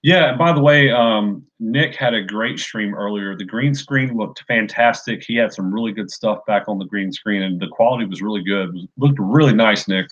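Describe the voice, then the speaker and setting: A man's voice: lowish voice, moderate pace, hardly any pauses, a bit bright. A man co-hosting a casual live stream, joking and rambling in easy banter. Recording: dull lo-fi stream audio.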